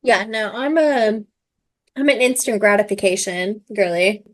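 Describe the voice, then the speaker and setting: A woman's voice: medium pitch, a little slow. A young woman co-hosting a casual book podcast, blunt and swearing freely. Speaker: podcast co-host.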